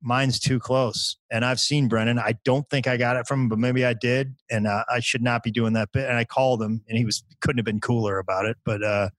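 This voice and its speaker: Animated male comic telling stories. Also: mid-range voice, brisk, hardly any pauses, no echo. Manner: animated, repeats words, lively impressions in stories. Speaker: stand-up comedian, podcast guest. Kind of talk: casual conversation, storytelling.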